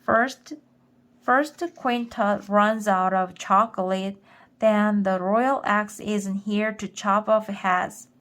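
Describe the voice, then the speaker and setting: A woman voicing a bossy, greedy giant ant queen with a loud, raspy voice, shouting her demands in a storybook reading. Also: medium pitch, fairly even intonation, slow pace. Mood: grumpy. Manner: imperious, shouting, childish demands.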